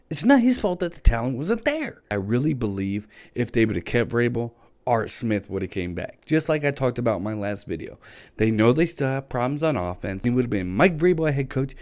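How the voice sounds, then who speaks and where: A man's voice: medium pitch, expressive, brisk, darkish tone. A man delivering a passionate, frustrated solo opinion rant as a sports vlogger, hammering his points with repetition.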